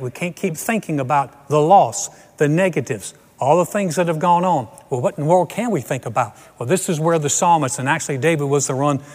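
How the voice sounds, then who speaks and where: A man's voice: on the high side, big-room sound. A man preaching a sermon as pastor, conversational and earnest, repeating phrases for emphasis.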